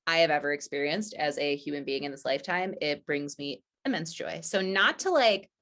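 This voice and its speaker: A woman's voice: low voice, brisk, fairly bright tone. A woman guest on a casual podcast, a chatty storyteller who fills her talk with "like" and acts out quoted lines.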